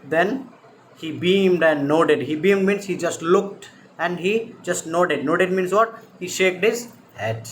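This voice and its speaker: Indian English teacher explaining a story. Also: male voice, high-pitched, slight background noise. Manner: halting, many "you know" fillers, explains word meanings.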